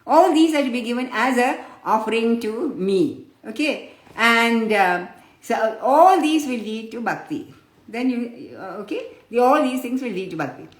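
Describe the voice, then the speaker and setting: A woman's voice: fairly high pitch, lively intonation, a little slow. A woman giving a spiritual discourse who explains patiently and tells stories, addressing her listeners fondly as children. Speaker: spiritual teacher. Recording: roomy echo.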